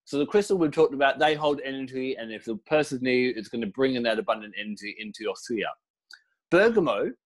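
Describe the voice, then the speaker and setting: A middle-aged man giving a casual interview, explaining crystal practices with relaxed storytelling and fillers. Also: mid-range voice. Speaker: crystal and essential oil teacher, guest.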